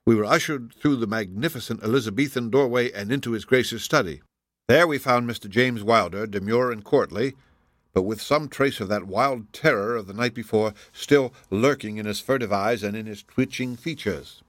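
A man narrating a classic story in a formal, even storytelling manner on a close microphone. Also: mid-range voice, moderate pace, no room sound. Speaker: audiobook narrator. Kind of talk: scripted narration.

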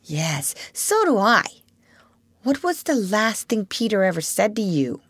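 A woman's voice: mid-range voice, sing-song, a bit bright, breathy edge, no room sound, voice pushed up, full character voice. A woman reading aloud and voicing a solemn, curious little girl. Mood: grave. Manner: grave, slow. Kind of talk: storybook reading.

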